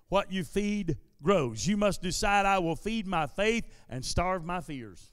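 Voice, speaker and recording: A male pastor preaching a sermon in a church service. He repeats his lines in a steady preaching cadence and builds them up into shouted declarations. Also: high-pitched, a little slow, few pauses, clean tone, no room sound, studio quality, long reverb tail. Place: church sanctuary during a service.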